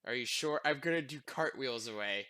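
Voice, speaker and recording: A man plays in a tabletop game session, eagerly pitching bold moves with a playful streak. His voice is bright and sharp, recorded dry and close. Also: brisk, no room sound. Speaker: player.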